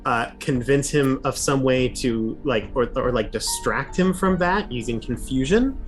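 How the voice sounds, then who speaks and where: A man's voice: medium pitch, a little slow, soft background music. Chatty man at a game table. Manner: chatty, thinks aloud with fillers. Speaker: player. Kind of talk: casual tabletop game chat.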